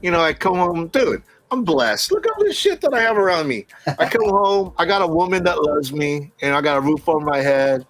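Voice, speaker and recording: Animated middle-aged man telling a story. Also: a little high, fairly quick, hardly any pauses, no room sound. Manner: animated, laughs often, acts out quotes. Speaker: podcast co-host telling a work story. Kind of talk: casual storytelling chat.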